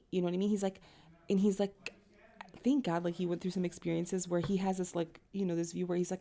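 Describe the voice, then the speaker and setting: A woman's voice: mid-range voice, fairly even intonation, brisk, dark tone. A young woman giving a casual astrology and tarot reading, chatty and rambling, full of "like" and "you know".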